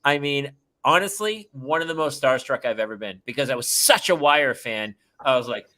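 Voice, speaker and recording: Middle-aged male co-host, bright and forceful, animated storyteller who laughs mid-sentence. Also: medium pitch, moderate pace. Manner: animated anecdote-telling, laughs through the story. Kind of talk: casual chat.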